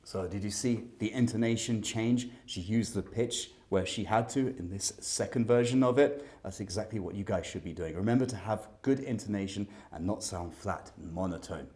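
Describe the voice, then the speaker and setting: Male language tutor, deep warm tone, emphatic explainer for a scripted lesson. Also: normal speed, few pauses. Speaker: IELTS speaking teacher.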